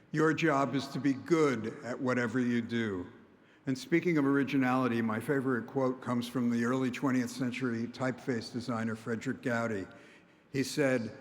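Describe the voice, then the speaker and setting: Older man giving a wry speech. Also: medium pitch. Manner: measured, wry, quoting others. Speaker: commencement speaker. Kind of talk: prepared commencement speech. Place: large concert hall. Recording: long reverb of a large hall.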